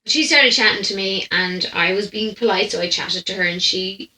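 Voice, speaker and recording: Bright-voiced Irish woman telling stories. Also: medium pitch, normal speed. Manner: animated, laughs often, breaks off mid-sentence. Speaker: podcast host. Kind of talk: storytime anecdote chat. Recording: roomy echo.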